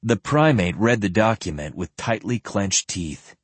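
Guy reading an audiobook, lowish voice, lots of ups and downs in pitch. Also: expressive, a little slow, husky, no echo. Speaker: audiobook narrator. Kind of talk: scripted narration.

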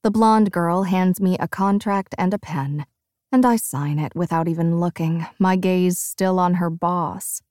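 Woman narrating an audiobook, unhurried. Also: fairly low pitch, fairly even intonation, a little mellow, no echo, studio quality. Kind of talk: first-person audiobook narration.

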